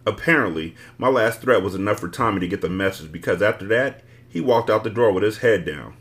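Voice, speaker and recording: A man's voice: sits low, fast, few pauses, a bit bright. A man hosting a book podcast, reading a novel aloud with blunt, profane asides. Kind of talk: casual book reading with commentary.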